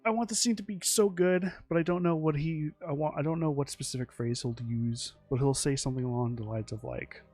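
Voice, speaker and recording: A man's voice: on the high side, a little fast, few pauses, darkish tone. Casual rambling man with faint music. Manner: meandering, full of fillers, restarts and swearing. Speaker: creator describing his original characters.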